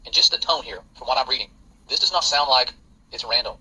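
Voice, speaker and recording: A man's voice: medium pitch, fast, bright, forceful tone, slightly rough, poor audio. A man, a father, reading passages aloud and commenting in an earnest, warning tone. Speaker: host and father.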